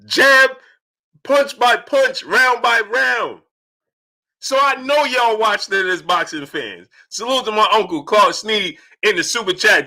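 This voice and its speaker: Animated man greeting live-stream viewers. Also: high-pitched. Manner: animated, shouts out chat names rapid-fire.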